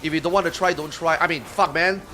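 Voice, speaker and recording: A man's voice: fairly high pitch, fast, a little hiss or hum. A man streaming a game, chatting casually and bluntly to his viewers. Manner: animated, blunt, talking straight to viewers. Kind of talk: casual gaming stream chat.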